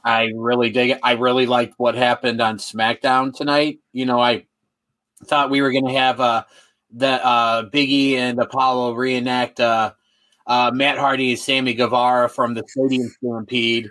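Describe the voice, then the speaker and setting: A man's voice: mid-range voice, flat delivery, moderate pace, fairly bright tone. A man co-hosting a casual podcast, chatty and hesitant, restarting his sentences as he gives his opinions. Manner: chatty, hesitant, full of fillers. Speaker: podcast co-host. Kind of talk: casual chat.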